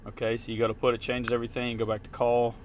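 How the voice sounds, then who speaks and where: A man talks through a screen-share tutorial in a loose, casual way, often pausing to check the listener is following. His voice sits at an ordinary middle pitch, with a faint hum in the background. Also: completely flat delivery. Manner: casual, checks in with "right?" tags. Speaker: retail options trader walking viewers through trades.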